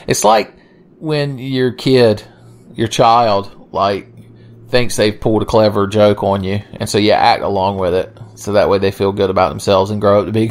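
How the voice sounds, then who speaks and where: A young man giving sardonic, profane, rambling gameplay commentary. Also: on the low side. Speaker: let's play commentator.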